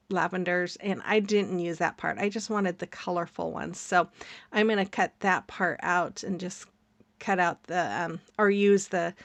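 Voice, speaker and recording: A middle-aged woman casually narrating a craft tutorial, chatty and rambling with soft laughs and ums. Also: mid-range voice, gravelly, no echo. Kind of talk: casual DIY voice-over narration.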